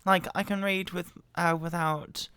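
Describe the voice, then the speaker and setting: Woman, hoarse with a cold, halting and quiet, smooth tone under the strain. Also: fairly even intonation, no room sound. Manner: quiet, halting, voice wobbling in pitch. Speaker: Bible reader. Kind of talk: slow scripture reading. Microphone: very close to the microphone.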